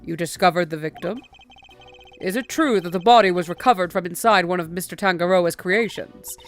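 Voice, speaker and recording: Woman voicing a calm, formal male defense attorney; courteous, measured read. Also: lowish voice, faint music behind, close to an everyday voice.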